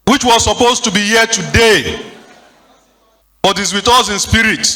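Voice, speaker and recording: Bright-voiced Nigerian minister speaking. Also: male voice, high-pitched. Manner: formal, halting. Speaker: government minister. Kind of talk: formal speech.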